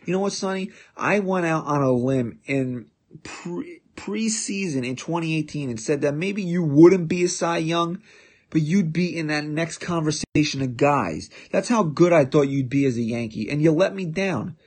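Man, sports podcast host, fairly high voice, combative and sarcastic in his opinion rant. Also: moderate pace, darkish tone. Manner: combative and sarcastic, jabbing questions.

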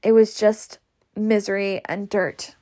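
A woman voicing a gentle, earnest young Southern lady who stumbles over her words. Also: mid-range voice, little pitch movement, takes it slowly, natural voice.

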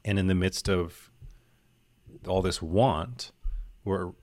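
A man co-hosting a podcast, talking in a thoughtful, halting way. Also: low voice, darkish tone, dry recording. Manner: thoughtful, halting, many restarts. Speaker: podcast co-host. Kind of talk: casual conversation.

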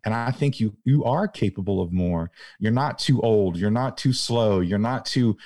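A man's voice: lowish voice, normal speed, darkish tone, no echo. Earnest man with dry close sound. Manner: earnest, emphatic, many restarts. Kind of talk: casual chat.

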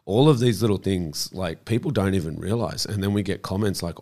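A man's voice: low-pitched, fairly quick, hardly any pauses, a little mellow. A man, talking earnestly in an interview about a campaign he runs and often repeating words as he thinks. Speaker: child protection campaigner, guest. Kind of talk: conversational interview.

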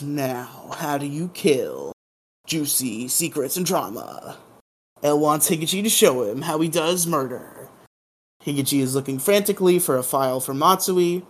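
A man hosting a podcast, recapping a TV episode in a casual, joking, irreverent way. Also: fairly high pitch. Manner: joking, irreverent, hums silly sound effects. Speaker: podcast host.

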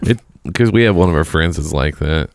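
A man's voice: extremely low pitch, animated, fairly quick, dry recording, clean studio sound. A father in casual podcast talk, telling rambling anecdotes and acting out quoted lines.

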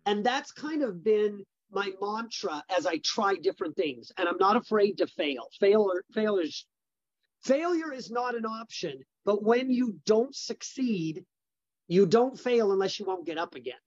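A forceful, emphatic man retells his own story as an interview guest, doubling up words to hammer a point. The sound is dry and close, with a slightly dull, muffled top end. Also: high voice, lively intonation, measured pace, no echo. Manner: emphatic, repeats words for stress. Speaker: business founder guest.

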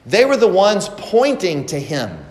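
A man's voice: high-pitched, wildly swooping pitch, unhurried, darkish tone, roomy sound, long reverb tail. A man preaching a sermon as pastor, asking the congregation rhetorical questions.

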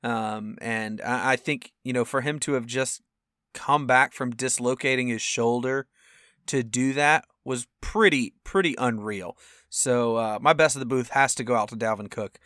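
A young man co-hosting a football podcast in casual chat, animated and acting out quotes with sudden loud outbursts. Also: mid-range voice, normal speed, dry recording, studio quality. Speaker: podcast co-host.

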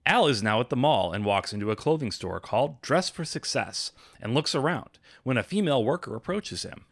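Young man, podcast co-host, teasing, crisp close dry mic. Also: mid-range voice, expressive, no echo. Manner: playful, teasing, quick with jokes. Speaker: podcast co-host and script narrator. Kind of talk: casual comedy podcast, reading narration.

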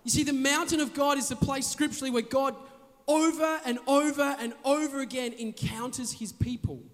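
Male pastor, high-pitched, lively storyteller, long church reverb. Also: normal speed. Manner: storytelling, animated, shouts names. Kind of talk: sermon.

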